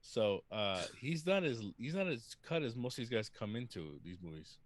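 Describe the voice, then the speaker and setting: A man's voice: medium pitch, animated, moderate pace, no room sound. A man co-hosting a movie review podcast, chatting casually and cracking jokes. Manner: joking, laughs often. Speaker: podcast co-host.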